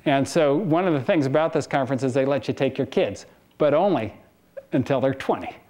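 A man's voice: mid-range voice, a little fast, a little mellow. A man in his forties giving a casual conference talk to students, telling anecdotes and laughing between stories. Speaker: guest speaker. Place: lecture hall.

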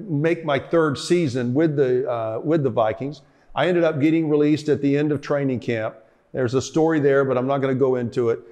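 A man's voice: on the high side, a little mellow. An older man in an interview, telling stories about his past in a rambling way, full of fillers and restarts. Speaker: interviewee, former football player. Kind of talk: reflective storytelling interview.

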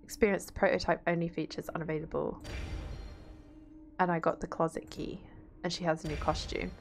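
Brisk and flat, her lowish voice has a creaky edge, with slight background noise behind it. She's a Yorkshire-accented gamer on a casual stream, reading out chat and cursing easily as she talks to viewers.

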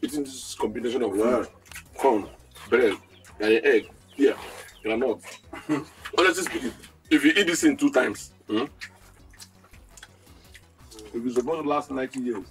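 A man's voice: mid-range voice, moderate pace, lightly acted. A man with a Nigerian accent playing a boastful, rambling schemer who calls himself a master planner. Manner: boastful, rambling, bursts into shouting. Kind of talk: Nollywood film acting.

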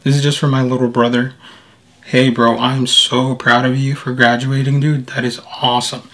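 A man's voice: medium pitch, level tone, normal speed, fairly bright tone. A young man talking casually to his viewers in a playful, chatty vlog style. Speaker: vlogger. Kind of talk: casual vlog talk to camera.

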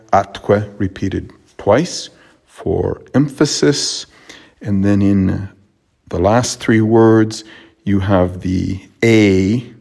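A man teaching a Latin poem, explaining its sounds and meter in a halting way with frequent pauses and restarts. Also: deep voice, vocal fry, a little mellow. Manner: halting, with many fillers and restarts. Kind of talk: explanatory lesson on poetry.

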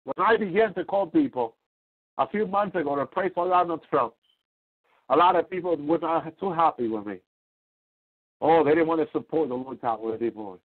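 Fervent preacher man on a tinny phone line. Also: on the high side. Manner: fervent, repetitive, rising to cries. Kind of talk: radio sermon.

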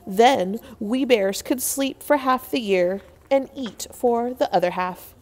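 A woman voicing a gruff, lazy bear. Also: on the high side, slow, pitched above the performer's own voice. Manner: gruff, growling, bossy. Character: big fat lazy gruff male bear. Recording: long hall reverb.

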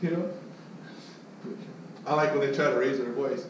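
A man leading his sales team in a loud, blunt, profane pep talk. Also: mid-range voice, normal speed. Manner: loud, blunt, swearing, mocks others in put-on voices. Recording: echoey, distant mic with faint noise.

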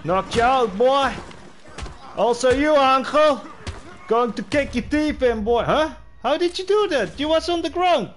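A man's voice: extremely high pitch, lively intonation, a little slow, a little hiss or hum. A man livestreaming a game, chatting casually and greeting players as bro. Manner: friendly, greets players, calls them bro. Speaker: game streamer.

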